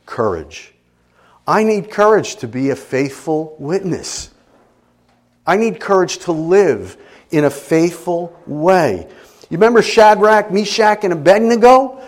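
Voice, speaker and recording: A middle-aged man preaching a sermon as a pastor, emotional and animated, dropping at times to quiet intensity. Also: fairly high pitch. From Italian family background.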